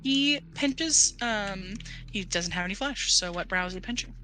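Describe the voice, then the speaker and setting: A woman's voice: medium pitch, expressive, normal speed, sharp tone, a little hiss or hum, rough recording. A woman running a tabletop game as game master, narrating unhurriedly with many filler ums.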